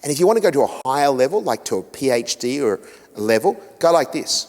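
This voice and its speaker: A middle-aged Australian man giving a seminar talk to a church group, an animated storyteller who acts out quotes with self-mocking humour. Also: mid-range voice, quick pace, slight background noise. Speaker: guest speaker on family relationships. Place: church hall. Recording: echoey hall with long reverb.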